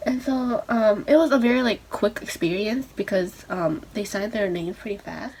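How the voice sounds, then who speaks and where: A young woman telling a rambling, excitable story while doing her makeup for a vlog. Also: mid-range voice, moderate pace, gravelly, breathy edge. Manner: rambling, excitable, lots of fillers. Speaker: beauty vlogger.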